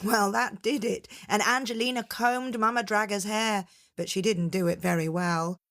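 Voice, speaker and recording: A woman storyteller telling a fairytale to children in a dramatic, expressive way. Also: mid-range voice. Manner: dramatic, unhurried, with voiced characters.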